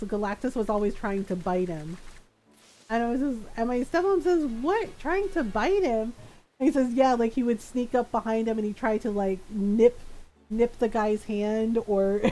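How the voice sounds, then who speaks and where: A woman's voice: fairly high pitch, poor audio. A woman streamer casually telling a funny story, laughing often and acting out the voices of the people in it. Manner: animated, laughing, acts out quoted voices.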